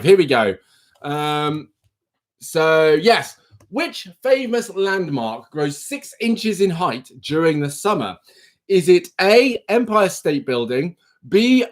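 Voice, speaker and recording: A young man hosting a casual quiz livestream on his phone, chatty and teasing as he reads out questions and multiple-choice options. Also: fairly high pitch. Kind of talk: casual live-stream chat.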